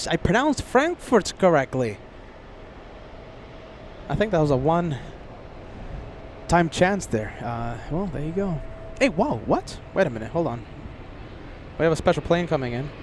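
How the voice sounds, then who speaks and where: Sleepy and jet-lagged, a man streams plane spotting live from outdoors near an airport and chats casually with viewers by name. His slightly high voice swings widely in pitch at a normal speed, broken by long pauses, with a little hiss or hum behind it.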